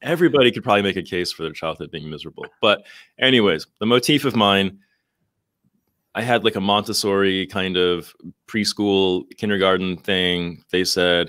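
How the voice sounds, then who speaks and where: Low-voiced man talking reflectively. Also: normal speed, fairly bright tone, no echo, studio quality. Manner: reflective, with many restarts and fillers. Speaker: guest. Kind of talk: casual podcast conversation.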